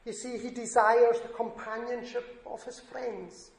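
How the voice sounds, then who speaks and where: A man's voice: very high voice, flat delivery, unhurried. A man preaching a sermon in an earnest, emphatic way, lifting his voice on scripture quotes. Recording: echoey room.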